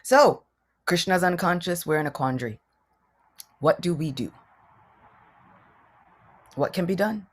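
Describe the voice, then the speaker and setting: A woman's voice: on the low side, lively intonation, a little slow, pauses often. A woman teaching a scripture class in a temple, telling the story expressively and dramatically. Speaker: religious teacher.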